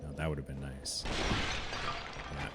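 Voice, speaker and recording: A man streaming a video game, chatting casually and reacting out loud with excitement. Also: very deep voice, unhurried, very noisy. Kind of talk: casual gaming commentary.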